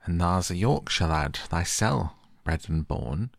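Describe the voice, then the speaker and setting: A man's voice: sits low, animated, a little slow, creaky, no echo, studio quality, exaggerated voice. A man reading as a stubborn young girl. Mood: playful. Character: stubborn young girl speaking broad dialect.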